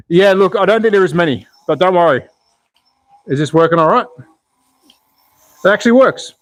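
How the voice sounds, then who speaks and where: A Melbourne man with a fairly high-pitched voice hosts his slot car channel's casual live stream, recorded with no echo. He talks informally, thinks things through out loud and replies to his viewers in the chat.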